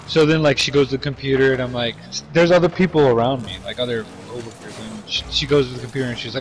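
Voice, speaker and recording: A man's voice: medium pitch, fast talker, hardly any pauses, a little hiss or hum. A young man telling a story in casual chat, rambling with lots of fillers and swearing.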